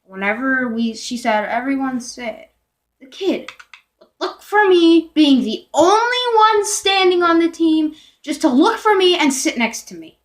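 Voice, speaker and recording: A woman's voice: very high-pitched, sing-song, a little slow. A young teenage girl telling a storytime vlog in a rambling way, full of fillers, self-corrections and whispered asides. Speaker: vlogger.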